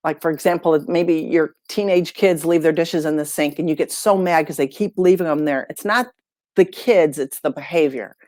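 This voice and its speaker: Woman, fairly low voice, dry close sound, podcast guest, coaching talk, storytelling. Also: normal speed, no echo. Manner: lively storyteller who acts out dialogue.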